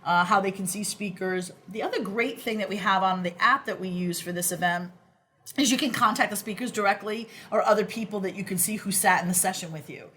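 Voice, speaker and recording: A woman's voice: mid-range voice, a little fast, sharp tone. Woman, Boston accent, podcast guest, eager and rambling, faint background noise. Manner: enthusiastic, rambling, many fillers and restarts. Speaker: interview guest. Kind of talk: casual podcast interview.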